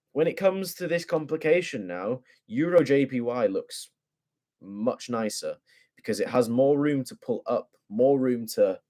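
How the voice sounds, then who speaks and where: This is a young man walking through his trading charts. His voice sits very low and deep. He muses aloud in loose, profane slang. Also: dark tone. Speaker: forex trader. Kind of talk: casual chart breakdown.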